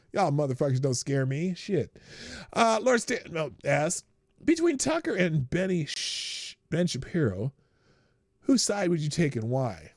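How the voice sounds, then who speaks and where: A man's voice: sing-song, takes it slowly, dry recording, studio quality. Profane, blunt man hosting a livestream. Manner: profane, blunt, laughs at his own jokes, swings from low mutter to loud outbursts. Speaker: livestream host answering viewer questions. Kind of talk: casual unscripted chat.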